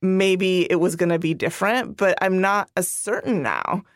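Earnest woman, low voice, dry. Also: normal speed, no echo. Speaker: podcast guest. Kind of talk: personal storytelling in discussion.

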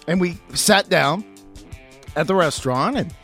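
A man casually telling a funny personal story on a radio show, animated and laughing, his voice jumping high at the dramatic moments. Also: measured pace, faint music behind.

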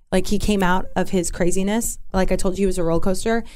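A woman telling a personal story in an interview, candid and halting, with restarts and asides. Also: medium pitch, fairly even intonation, a little mellow, slight background noise. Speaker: interview guest.

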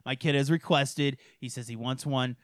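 A podcast co-host rants and swears through crude, casual chat, laughing often. His mid-range voice is steady at a moderate pace, recorded in studio quality with no room sound.

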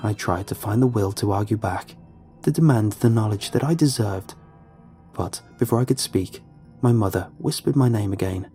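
Low-voiced man narrating horror. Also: dark tone, faint music behind. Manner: measured, ominous.

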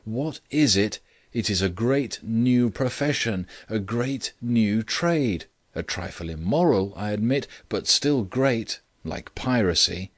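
A man voicing an exultant gentleman who speaks in a grand, chanting way with slow emphasis. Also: low-pitched, animated, no room sound, clean studio sound.

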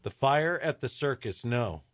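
Radio host, male, jovial and laughing, unhurried delivery, very expressive pitch, dry studio sound. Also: dry recording. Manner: jovial, laughs easily, repeats the phone number. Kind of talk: live call-in joke segment. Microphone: studio microphone.

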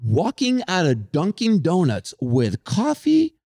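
A young man co-hosting a podcast, telling a story in casual chat, animated and swearing, acting out people who shout. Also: high voice, takes it slowly, vocal fry, dry recording, studio quality. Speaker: podcast co-host.

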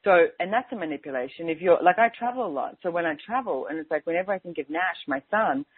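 A woman's voice: on the low side, lively intonation, quick pace, husky, dry recording. Woman chatting over a tinny phone line. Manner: chatty, keeps saying "and it's like". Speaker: radio show host. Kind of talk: casual on-air talk.

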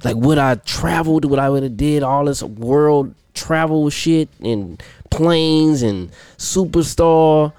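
A man's voice: fairly high pitch, slow, few pauses, darkish tone, smooth, no echo. A man in his thirties, talking casually and animatedly in loose slang. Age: 30s. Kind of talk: casual conversation.

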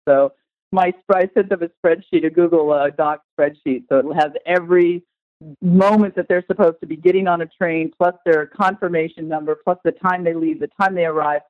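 A woman's voice: lowish voice, steady tone, fairly quick, no echo. Enthusiastic woman guest on a dull line. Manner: enthusiastic, talkative. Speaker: guest, tour organizer. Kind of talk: conversational interview.

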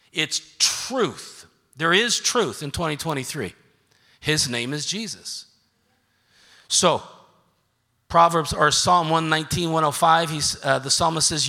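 A middle-aged man preaches with emphatic force, dropping to quiet asides and then rising to shouts. His voice is bright and sits a little high for a man. The sound carries a long reverb from a large church sanctuary. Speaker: pastor. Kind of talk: sermon.

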